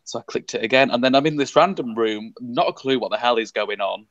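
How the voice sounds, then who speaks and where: A young man with a posh English accent talks as an interview guest over a video call. He is crisply articulate, pokes fun at himself and laughs often. His voice sits at a middling pitch, coming through dull, lo-fi call audio. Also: a little fast, fairly bright tone, dry recording. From Leeds, England. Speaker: councillor guest. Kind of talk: casual interview chat.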